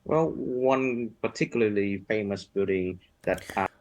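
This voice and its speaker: A deep, low-pitched man with a Vietnamese accent speaks over a video call. He answers exam questions haltingly, often restarting and reshaping his sentences as he goes. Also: darkish tone, low-quality recording. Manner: hesitant, reformulating mid-sentence. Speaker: test candidate.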